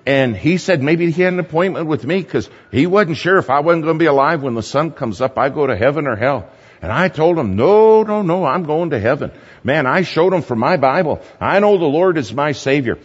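A man's voice: fairly high pitch, a little fast, husky. Preacher man in a reverberant hall. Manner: animated, swings between loud and hushed. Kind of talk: sermon storytelling. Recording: muffled hall recording with long reverb.

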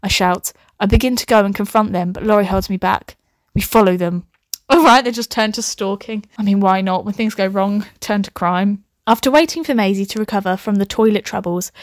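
A woman's voice: mid-range voice, moderate pace, dry recording, studio quality. A young woman reading her own old story aloud, breaking off into laughing, sweary, self-mocking asides. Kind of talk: comic reading with commentary.

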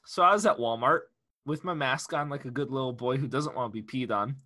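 A man's voice: mid-range voice, a little fast. A young man co-hosting a podcast, telling a story with lots of laughs and swearing. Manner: animated storyteller, laughs often, swears freely. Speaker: podcast co-host. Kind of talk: casual podcast chat.

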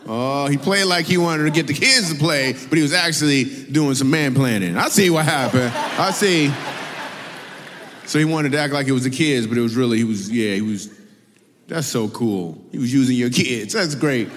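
A man's voice: medium pitch, moderate pace, a bit bright, big-room sound, slight background noise. A man doing stand-up crowd work, teasing and laughing with an audience member. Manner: teasing, laughing, playful banter. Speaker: comedian working the crowd.

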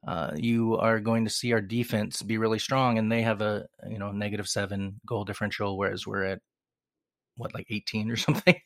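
Male co-host, meandering casual talker, lowish voice. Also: little pitch movement, brisk, no room sound, clean studio sound. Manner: rambling, with frequent restarts and chuckles. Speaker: podcast co-host. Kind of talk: casual chat.

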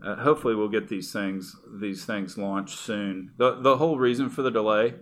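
Man, middle-aged, low voice, casual chat guest, rambling anecdotes, restarts a lot. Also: moderate pace, fairly bright tone, a little hiss or hum. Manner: rambling, restarts often, laughs while telling stories. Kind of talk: casual conversational storytelling.

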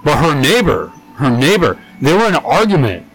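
A man's voice: fairly quick, breathy edge. A man co-hosting a casual podcast, telling a story, swearing often and acting out what others said. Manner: animated, swears a lot, acts out quotes in high voices. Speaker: podcast co-host.

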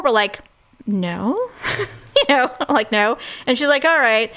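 Animated woman telling a story. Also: fairly high pitch, measured pace. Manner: animated, acts out quotes, laughs often. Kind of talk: casual storytelling chat.

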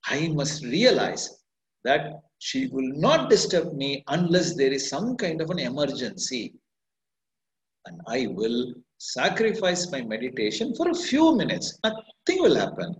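A middle-aged man guides listeners through meditation in an earnest, self-questioning way. His voice sits a little high and swings widely in pitch. The sound is roomy and a bit dull, like a lo-fi recording. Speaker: meditation teacher. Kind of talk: reflective spoken teaching. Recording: echoey, dull lo-fi room sound.

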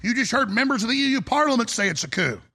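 A man hosts a talk radio show in a fierce, urgent rant. His voice sits high for a man and has a rough, husky rasp. The tone is bright and pressing throughout. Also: lively intonation, quick pace. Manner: forceful, urgent ranting. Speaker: host.

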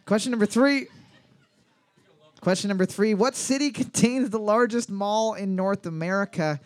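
A man's voice: high voice, moderate pace, clear, resonant tone. A man hosting a trivia night, reading each question twice and cracking teasing jokes. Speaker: trivia quiz host. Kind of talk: joking bar trivia hosting.

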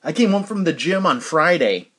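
Chatty, rambling man with a higher voice. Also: sing-song, moderate pace, fairly bright tone, husky. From New Hampshire. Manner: rambling, chatty, self-interrupting with fillers. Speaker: podcast host. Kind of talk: casual solo podcast chat.

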